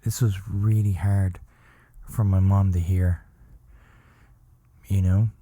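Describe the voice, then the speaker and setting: An Irish man with a deep voice hosts a podcast, telling a comic story in a halting, mock-earnest deadpan with long pauses.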